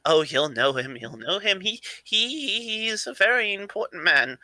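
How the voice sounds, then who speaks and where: A cheerful tiefling madman who answers every question in riddles and keeps repeating himself, as a man puts him on. His voice climbs and dips in a lively, sing-song way, with a very bright tone and an unhurried pace. The sound is close and dry. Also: sits high, no room sound, pitched above the performer's own voice, full character voice. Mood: cryptic. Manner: cheerful, repetitive, cryptic. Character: eccentric male tiefling grandson who talks in riddles.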